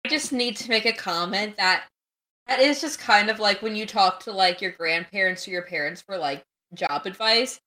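Bright-voiced woman chiming in. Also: medium pitch. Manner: enthusiastic, quick reactions and comments. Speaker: podcast co-host. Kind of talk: casual chat.

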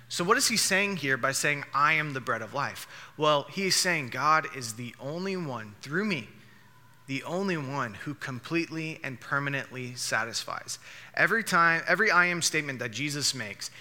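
A man's voice: mid-range voice, bright, forceful tone. A man preaching a sermon as a pastor, emphatic and repeating key phrases for stress. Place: church hall. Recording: long hall reverb.

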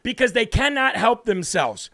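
A man's voice: very high voice, sing-song, moderate pace, bright, forceful tone, dry recording, clean studio sound. A man with an American accent hosting a political talk show, talking in a brash, indignant way that repeats words for emphasis.

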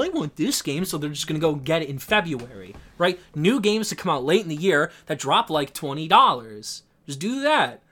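A man co-hosting a casual podcast, ranting in an animated way and swearing freely. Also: sits high. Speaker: podcast co-host. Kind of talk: casual chat.

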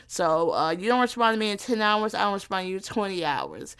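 A woman's voice: medium pitch, clear, resonant tone. A young woman from Gary, Indiana, hosting her own podcast in a brash, profane, teasing comedic monologue. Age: young adult. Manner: brash, profane and animated, quick to tease. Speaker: podcast host.

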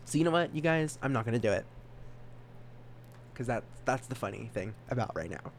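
A young man in his twenties talking alone on his podcast. He rambles and mocks himself, trips over and repeats his words, and keeps jumping into sudden loud, high bursts. His voice sits at an ordinary pitch for a man. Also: fairly quick, slight background noise. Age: 20s. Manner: rambling, self-mocking, stumbles and repeats words; animated jumps in pitch and volume. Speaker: podcast host. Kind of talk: casual solo podcast rambling.

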